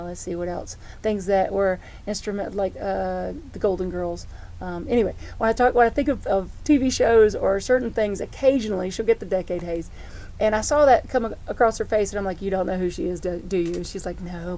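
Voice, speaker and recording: A woman's voice: mid-range voice, mellow, a little hiss or hum. A middle-aged woman pastor giving a conversational sermon, telling personal stories in a heartfelt way. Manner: heartfelt, personal storytelling with frequent restarts.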